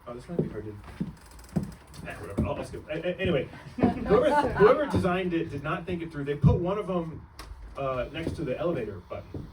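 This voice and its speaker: A man's voice: on the high side, very animated, brisk, distant mic, over a noisy crowd, rough recording. A young man doing a stand-up comedy set, rambling and breaking off mid-sentence, laughing at his own jokes on a club stage.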